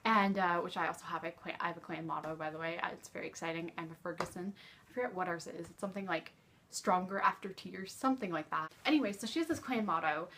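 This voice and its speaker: A woman's voice: lowish voice, fast talker, noisy background. A woman chatting casually about a book at home, rambling with lots of fillers and laughs. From Canada. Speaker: book vlogger. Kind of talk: casual book discussion to camera.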